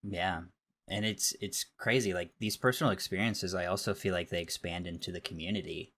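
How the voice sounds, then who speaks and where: A man in his thirties rants on a podcast with a very low-pitched voice. He airs strong opinions in an animated, casual way. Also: a little fast. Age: 30s. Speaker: podcast co-host. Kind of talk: casual chat.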